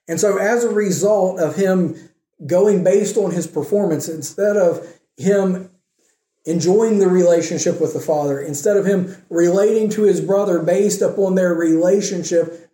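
A man preaches an emphatic sermon and poses rhetorical questions to his listeners. His voice is mellow and sits fairly high. The recording is echoey and roomy. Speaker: pastor. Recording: echoey room.

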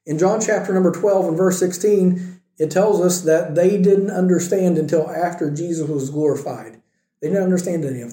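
A man's voice: sits high, moderate pace, mellow. A man preaching a conversational sermon, retelling a story and asking his listeners questions. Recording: echoey room.

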